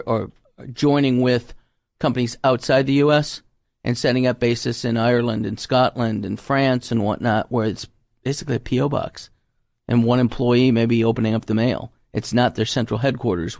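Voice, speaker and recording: A man's voice: mid-range voice, creaky, darkish tone, no room sound, studio quality. A man, a tax advisor guest on a radio talk show, chatting in a folksy way and acting out his clients' lines as he tells stories. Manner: folksy storyteller, acts out client dialogue.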